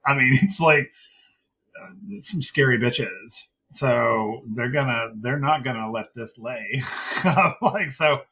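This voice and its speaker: A man's voice: medium pitch, slow, pushed and bright, breathy edge. A man co-hosting a podcast, chatting casually about a wrestling show and gushing while he repeats himself. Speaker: podcast co-host. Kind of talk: casual wrestling review chat.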